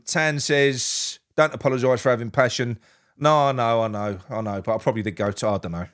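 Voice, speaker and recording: A man hosting a live reaction stream as a football fan, ranting and swearing, swinging between loud outbursts and low muttering. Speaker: football fan channel host. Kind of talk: angry live match reaction.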